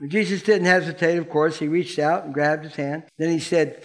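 A man preaching a sermon in a lively, playful way, asking the congregation questions and acting out the voices in the story. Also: a little high, moderate pace, few pauses. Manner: animated, playful preaching that asks the congregation questions and acts out quotes. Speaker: pastor.

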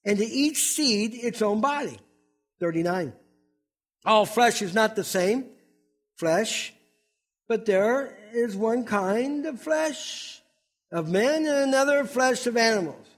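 A middle-aged man preaching a sermon as pastor, fiery and emphatic. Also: very high-pitched.

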